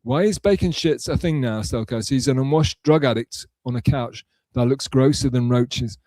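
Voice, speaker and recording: Man, live streamer, rambling, sarcastic, mellow voice, dry close sound. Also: mid-range voice, normal speed, no room sound. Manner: rambling, sarcastic, restarts and mumbles. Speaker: streamer reading chat. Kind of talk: casual live-stream chat.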